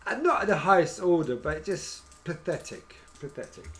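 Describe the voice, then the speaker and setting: A man's voice: fairly high pitch, big pitch swings, normal speed. A man, co-hosting a podcast and telling a rambling story with many restarts. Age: 60s. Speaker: podcast co-host. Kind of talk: casual chat.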